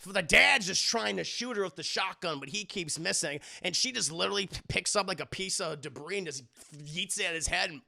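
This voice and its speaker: A man chatting through a show recap on a live stream, loose and profane, often talking to his viewers. His voice is gravelly and bright, pitched a bit high. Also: brisk, few pauses. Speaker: streamer reviewing an animated show. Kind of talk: casual live-stream commentary.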